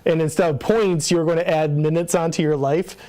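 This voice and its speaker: A man with a rather high voice hosts a casual podcast chat. He rambles, laughs easily, and often restarts or abandons his sentences. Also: steady tone, a little fast, warm tone. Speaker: podcast host.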